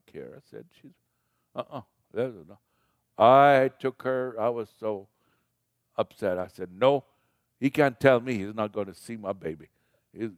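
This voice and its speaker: A man's voice: mid-range voice, darkish tone, no room sound, studio quality. An older man giving a sermon as a preacher, talking in a conversational way and putting questions to the congregation.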